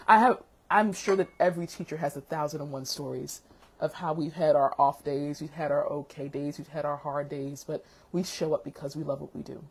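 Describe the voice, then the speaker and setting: A woman teacher hosting a casual chat vlog, an animated storyteller who calls people baby and sweetheart. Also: deep voice, fairly quick, slightly rough. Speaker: teacher and show host.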